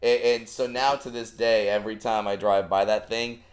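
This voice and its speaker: Low-voiced man telling animated stories. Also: normal speed. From Southern California. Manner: animated storyteller, acting out family anecdotes. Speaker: comedian guest. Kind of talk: casual podcast chat.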